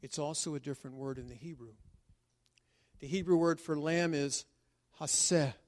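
A male pastor preaching a sermon emphatically, with dramatic pauses and stretched words. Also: on the high side.

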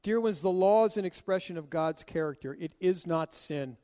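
A man's voice: high voice, moderate pace, warm tone, big-room sound. A man preaching an expository sermon, emphatic and full of rhetorical questions he answers himself.

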